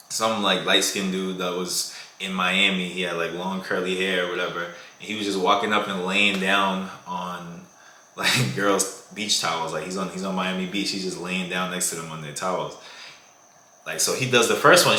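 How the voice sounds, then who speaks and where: Deep-voiced young dating-advice vlogger, slangy and bro-heavy, tense edge, echoey room. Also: male voice, bright, forceful tone. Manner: slangy, says "bro" a lot. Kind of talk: casual vlog monologue.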